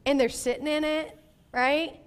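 A middle-aged woman pastor giving a sermon in a conversational, animated way, with laughs and playful asides. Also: high voice, unhurried, in a large hall.

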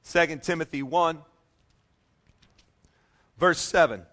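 Slow and a bit bright, this pastor's voice sits on the high side. His sermon mixes emphatic scripture reading with relaxed, humorous side comments.

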